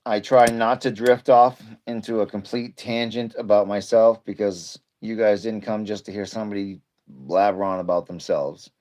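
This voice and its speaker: A man's voice: fairly low pitch, fairly even intonation, normal speed, a little mellow. Chatty man live streaming at home. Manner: chatty, greets viewers by name, rambling asides. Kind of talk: casual live stream chat.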